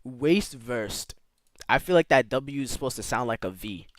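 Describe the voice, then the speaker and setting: A man's voice: mid-range voice, animated, fast, dry recording. A man streaming live, chatting casually with his viewers and playfully sounding out foreign words. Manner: talks to chat with slangy asides.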